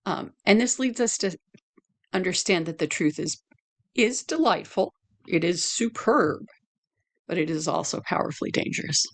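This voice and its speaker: A woman teacher giving a lecture analyzing a poem, deliberate, with fillers and self-corrections. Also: lowish voice, animated.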